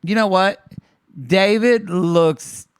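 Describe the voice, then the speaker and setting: Higher-voiced campy man, dry studio sound. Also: takes it slowly, clean tone, dry recording. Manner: playful, campy, quotes the cast in asides. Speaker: podcast co-host. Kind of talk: casual comedic recap chat.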